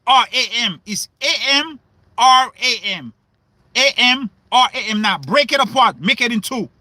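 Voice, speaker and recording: A man preaching in a livestream sermon, questioning his listeners, repeating himself and breaking into shouts. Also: very high-pitched, lively intonation, a little slow, dry recording.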